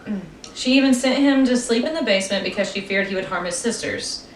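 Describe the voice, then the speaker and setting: A woman's voice: mid-range voice, fairly quick, recorded from a distance. A young woman co-hosting a casual true-crime podcast, reading her notes aloud and breaking into giggles and stumbles. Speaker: podcast co-host. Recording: roomy echo, voice off-mic, faint room noise.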